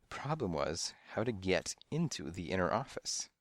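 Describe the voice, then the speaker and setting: A man narrating a children's mystery audiobook in first person, with expressive, playful storytelling. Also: low voice, normal speed, no room sound, clean studio sound.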